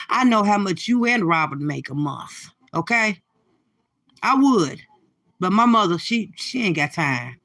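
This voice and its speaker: A middle-aged woman doing profane, brash reaction commentary from her car, cursing and laughing through loud rants. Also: medium pitch, big pitch swings, a little slow. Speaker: livestream commentator.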